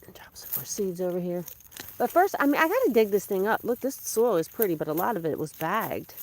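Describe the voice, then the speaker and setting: A woman's voice: mid-range voice, sing-song, fairly quick, a little hiss or hum. Chatty woman gardening outdoors. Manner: talks to herself and the camera, exclamatory, joking. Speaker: gardening vlogger. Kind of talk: casual chatty narration while working.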